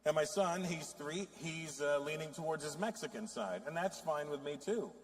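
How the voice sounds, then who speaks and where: A man in his fifties performs stand-up on a big stage, his fairly high voice ringing with long hall reverb. He's profane and animated, jumping into quick acted voices for the people he mocks. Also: faint music behind. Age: 50s. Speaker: stand-up comedian. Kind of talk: stand-up comedy routine. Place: large live venue with audience.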